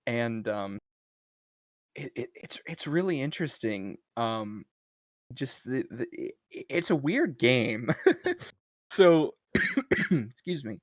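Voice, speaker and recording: A man of middle pitch talks casually as a podcast co-host, recapping a movie with lively energy. His voice is dry and a little dull, as if from a modest podcast mic. He retells scenes with easygoing enthusiasm. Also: takes it slowly, pauses often, no echo. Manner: animated retelling, briefly acting out lines from a film.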